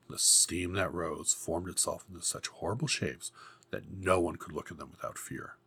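A man reading a fairy tale aloud in a measured, grave storybook narration. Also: low-pitched, gravelly, pushed and bright, slightly rough.

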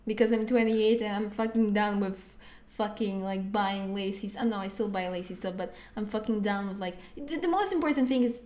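A woman's voice: medium pitch, normal speed, darkish tone. A woman in her twenties, a podcast guest, talking bluntly in casual chat, swearing often and laughing. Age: 20s.

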